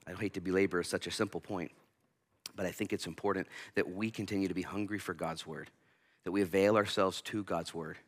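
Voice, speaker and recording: A male pastor preaching a sermon, animated, acting out little voices and bursting loud at times. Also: lowish voice. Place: church sanctuary.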